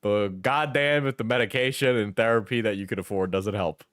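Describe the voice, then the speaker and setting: A man's voice: fairly low pitch, brisk, fairly bright tone, no echo, clean studio sound. A tired man from Wisconsin doing sarcastic live stream commentary, joking and laughing as he reacts to videos.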